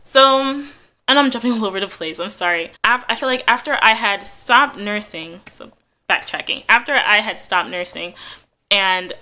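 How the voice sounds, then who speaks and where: Twenties woman, casual vlog chat, bright tone, candid and rambling. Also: medium pitch, normal speed. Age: 20s. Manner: rambling, filler-heavy, candid. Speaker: vlogger.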